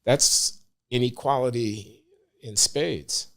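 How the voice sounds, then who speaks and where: An older man speaking as a guest in an interview, deliberate and emphatic. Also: mid-range voice, a bit bright. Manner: measured, deliberate, grows emphatic. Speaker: guest commentator. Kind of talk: conversational interview.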